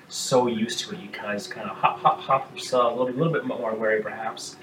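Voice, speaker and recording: A man's voice: on the low side, fairly even intonation, brisk. A male game master narrating a tabletop game in a casual, rambling way with frequent laughs. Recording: echoey room from a distance, noisy.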